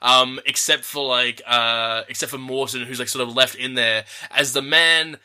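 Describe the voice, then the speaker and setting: A man's voice: mid-range voice, fairly even intonation, moderate pace, pushed and bright, smooth. A man co-hosting a casual film review podcast, rambling through the plot with lots of fillers. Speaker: podcast co-host.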